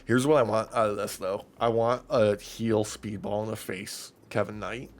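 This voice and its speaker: A man co-hosting a podcast in casual chat, excitedly recapping wrestling matches and swearing freely. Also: on the low side, normal speed. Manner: excitable, profane, recaps matches with acted-out quotes. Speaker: podcast co-host.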